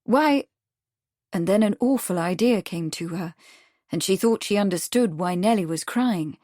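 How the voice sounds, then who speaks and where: A woman's voice: on the low side, moderate pace, mellow, dry recording. Woman narrating an audiobook, dry and close. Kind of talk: scripted narration.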